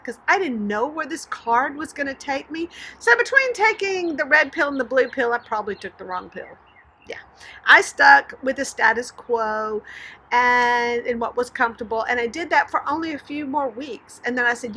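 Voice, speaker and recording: A middle-aged woman from Texas, telling a personal story to camera in a chatty, animated way. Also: sits high, normal speed, breathy edge. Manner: chatty and animated, with laughs and sighs. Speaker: writing channel host.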